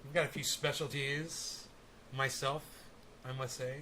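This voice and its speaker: A man's voice: mid-range voice, flat delivery, a little slow, sharp tone, slight background noise. A man hosting a casual live stream, rambling and swearing, with testy, teasing banter with his viewers.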